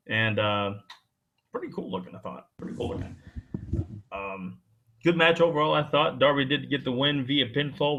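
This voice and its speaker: A man's voice: medium pitch, bright, forceful tone, highs cut off. A man hosting a wrestling podcast in loose, playful casual chat, teasing his co-host and using slang.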